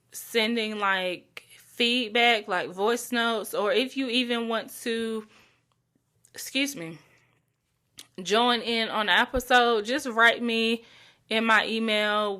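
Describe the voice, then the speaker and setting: A woman's voice: medium pitch, bright, forceful tone. A young adult woman hosting her own podcast, talking chattily and from the heart with lots of likes and ums. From North Carolina. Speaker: podcast host. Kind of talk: solo podcast monologue.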